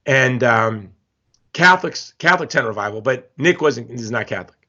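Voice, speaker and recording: A man's voice: mid-range voice, animated, moderate pace, pushed and bright. Passionate man telling stories, lo-fi audio. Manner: passionate storytelling, emphatic repetition. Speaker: guest. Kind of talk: podcast interview. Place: Hawaii.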